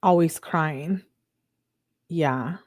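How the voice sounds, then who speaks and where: A woman's voice: low voice, extremely slow, darkish tone. A woman hosting true crime commentary, reading text messages aloud and reacting with exasperated asides. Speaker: host.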